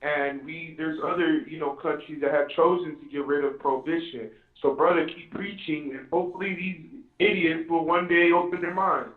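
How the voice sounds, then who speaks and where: A man's voice: fairly high pitch, steady tone, moderate pace, hardly any pauses. A man calling in to a talk show, speaking earnestly and repeating himself. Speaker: caller. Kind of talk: phone-in call. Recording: tinny echoey phone line.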